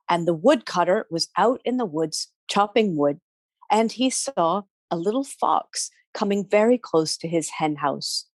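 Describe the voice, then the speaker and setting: A woman telling a folk tale, animated, with sound effects and asides to her listeners. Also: fairly low pitch, no echo. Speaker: storyteller. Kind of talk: oral folk storytelling.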